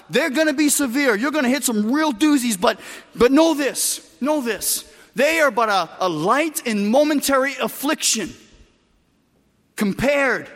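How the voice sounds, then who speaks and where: Man, pastor, high voice, emphatic sermon, long hall reverb. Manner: emphatic preaching, swings between loud and soft.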